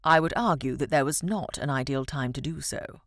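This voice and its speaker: A woman voicing a playful, teasing young gentleman suitor in an audiobook, in dry, mischievous banter. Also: low voice, normal speed, dry recording, voice pushed down.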